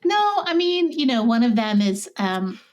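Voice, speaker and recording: A woman's voice: on the high side, sing-song, measured pace, highs cut off. A woman with a slight Southern accent co-hosting a podcast in casual, chatty talk, laughing often and poking fun at herself. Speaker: podcast co-host.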